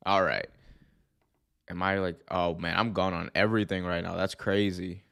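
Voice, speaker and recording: A man's voice: sits low, normal speed, creaky. A young adult man hosting a wrestling show, ranting casually to his viewers, repeating points and restarting sentences as he goes. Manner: animated, repeats himself, frequent restarts and fillers. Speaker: wrestling podcast host. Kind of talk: casual opinion rant to live viewers.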